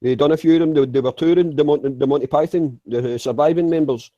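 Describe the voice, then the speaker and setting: Warm-voiced man chatting. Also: fairly high pitch, fast, no echo, highs cut off. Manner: rambling, loose, swears, laughs along. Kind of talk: casual chat.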